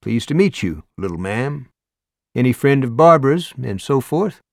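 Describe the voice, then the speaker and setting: A man's voice: medium pitch, big pitch swings, normal speed, gravelly, no echo, studio quality. A man doing a charming, wry young man. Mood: amused. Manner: mock-formal, joking.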